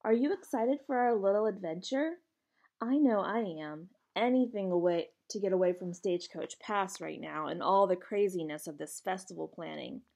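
A woman reading a novel aloud, voicing a gentle, casual mother of teenagers. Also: medium pitch, normal speed, creaky. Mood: cheerful. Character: breezy, gentle mom of a teen girl.

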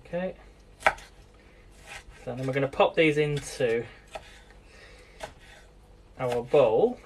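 A man's voice: medium pitch, drawn-out words, noisy background. A British man hosting a live cooking stream, chatting in a rambling way and often addressing viewers as guys. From Britain. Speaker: cooking livestream host. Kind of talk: casual live cooking demo.

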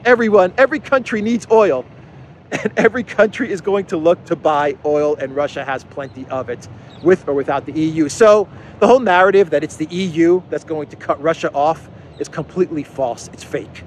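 A man's voice: on the high side, brisk, a little hiss or hum. A man giving opinionated political commentary as host, emphatic and scornful, with frequent fillers and short chuckles.

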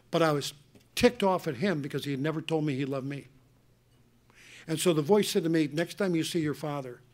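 An older man answering an audience question at a conference, telling personal family stories in an earnest, animated way with many restarts. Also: on the high side. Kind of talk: emotional personal storytelling. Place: conference hall.

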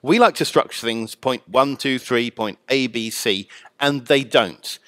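A man explaining scripture as a guest scholar, measured and thoughtful with frequent pauses. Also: mid-range voice, fairly bright tone, dry recording. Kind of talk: explanatory teaching.

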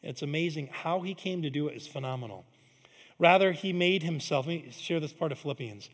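A man's voice: fairly high pitch, animated, quick pace, big-room sound. A man preaching a sermon as pastor, in a conversational, emphatic style with frequent asides to the congregation. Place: large church hall.

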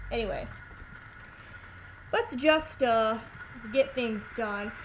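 A woman's voice: a little high, a little slow, long pauses. A woman giving casual, chatty commentary over a video game, full of playful joking asides. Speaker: let's play commentator. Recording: noisy home recording with hiss.

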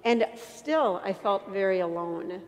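A woman giving an earnest, emotional faith testimony to an audience, with self-deprecating humor and halting restarts. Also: mid-range voice, lively intonation. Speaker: inspirational speaker. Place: church. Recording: long church reverb.

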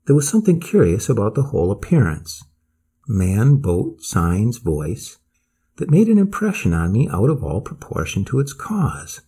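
A man narrating a classic story as an audiobook, measured and expressive, with a husky voice. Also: lowish voice.

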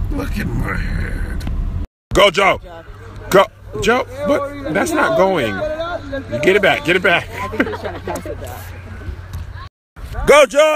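Playful dad, high lively voice. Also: male voice, slow, pauses often. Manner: playful, teasing, loud sideline hype. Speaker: dad filming his kids. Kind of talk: home video banter and cheering. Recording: outdoor crowd noise.

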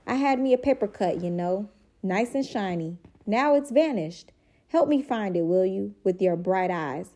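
A woman voicing a gentle, folksy old grandfather in a picture-book read-aloud, with quaint, homey phrasing and a slightly lowered voice. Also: animated, moderate pace.

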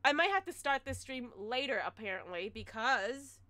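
A woman streamer chatting casually to her viewers through a headset mic, excitable and quick to loudly exclaim and complain. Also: on the high side. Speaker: game streamer. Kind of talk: casual live-stream chat.

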